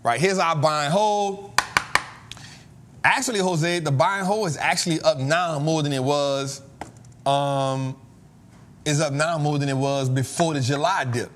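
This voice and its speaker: A man's voice: fairly high pitch, measured pace, pauses often, a bit bright, slight background noise. A man hosting a trading show, telling a story in a casual, slangy way and laughing often.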